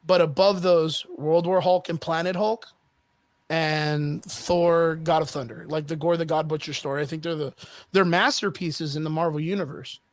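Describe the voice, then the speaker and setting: A man, a guest on a podcast, telling a story in an animated, profane way with lots of fillers. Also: a little high, moderate pace, dry recording. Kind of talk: casual chat.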